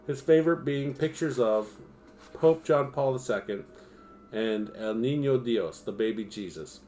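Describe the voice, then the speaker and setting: A man's voice: medium pitch, darkish tone. A man on a home livestream reading nonfiction aloud and breaking off into profane, self-mocking asides. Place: home streaming setup.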